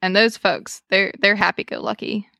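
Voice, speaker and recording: A woman's voice: mid-range voice, steady tone, normal speed, vocal fry, bright, forceful tone, dry recording, studio quality. A woman chatting casually on a podcast, a little hesitant and self-deprecating. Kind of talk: casual chat.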